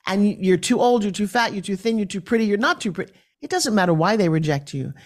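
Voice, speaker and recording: A woman from New York, a podcast guest, telling her story in an animated and forthright way. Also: medium pitch, quick pace.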